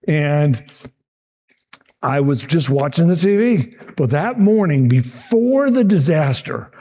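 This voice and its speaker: A man in his sixties, a TV meteorologist telling lively stories from his career to an audience. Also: a little high. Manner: lively anecdotal, acts out quotes, frequent restarts. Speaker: TV meteorologist giving a talk. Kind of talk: storytelling presentation to an audience.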